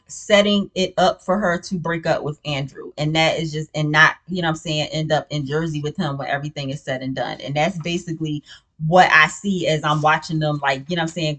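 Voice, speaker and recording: A woman's voice: deep voice, fairly bright tone. A woman recapping a reality show in casual, blunt, opinionated chat, with many "you know what I'm saying" fillers.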